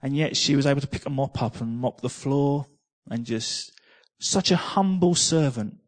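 A man's voice: mid-range voice, little pitch movement, moderate pace. A man preaching a sermon, telling a personal testimony in a chatty way, with repeated words and small laughs.

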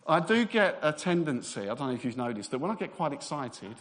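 A man preaching a sermon, fast and excitable, with self-deprecating humor. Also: fairly high pitch.

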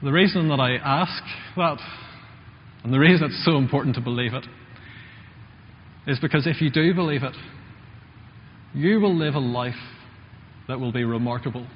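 Male preacher, chatty sermon delivery, mid-pitched voice, muffled recording in an echoing church hall. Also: moderate pace, pauses often, slight background noise. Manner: conversational, asks the congregation questions.

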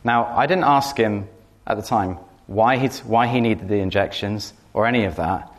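A man's voice: fairly low pitch, moderate pace. A man preaching and telling a personal story in an earnest way, doubling words for stress and breaking into laughter. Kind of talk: teaching talk with personal story.

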